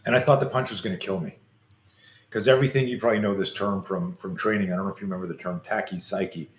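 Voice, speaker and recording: A man and self-defense coach telling a story in an interview, animated, acting out the scenes as he goes. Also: sits low, fast talker, reverberant.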